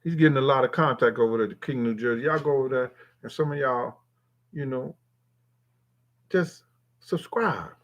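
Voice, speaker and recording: A man with a medium-pitched voice hosts a live stream, reading viewers' chat comments aloud and answering them in a loose, profane, rambling way. He talks at normal speed with frequent pauses, and the recording is muffled.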